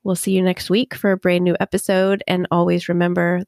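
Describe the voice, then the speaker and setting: A woman's voice: on the low side, flat delivery, a little fast, gravelly, a little mellow, no echo, studio quality. A young woman co-hosting a casual true-crime podcast, chatty and earnest, with lots of "like". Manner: chatty, earnest, says "like" often. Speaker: podcast co-host.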